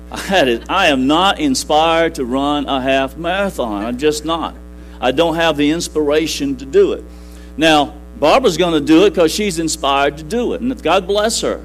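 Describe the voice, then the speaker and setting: A man's voice: fairly high pitch, a little hiss or hum, low-quality recording. A middle-aged man preaching a sermon in a church, folksy and repetitive, building to emphatic peaks. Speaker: pastor. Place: church sanctuary.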